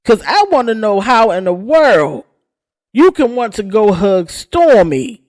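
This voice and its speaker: A woman's voice: mid-range voice, very animated, unhurried, darkish tone. A woman hosting a gossip channel who rants in a sassy, sarcastic way. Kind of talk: casual gossip rant.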